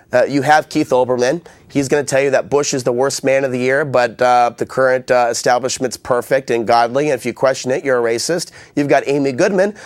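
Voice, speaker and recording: A man's voice: mid-range voice, no room sound. A man hosting a call-in public access show, talking in a loose, rambling way with many fillers and restarts. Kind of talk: casual call-in talk.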